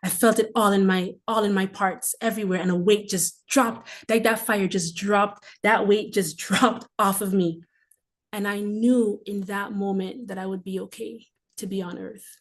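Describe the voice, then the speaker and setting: A woman in her forties speaks with fervent, emphatic conviction, repeating her phrases to drive them home. Her heartfelt testimony mixes breathy emotional asides with bursts of warmth. Her voice sits at an ordinary middle pitch for a woman. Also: fairly even intonation, normal speed. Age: 40s. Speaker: livestream host.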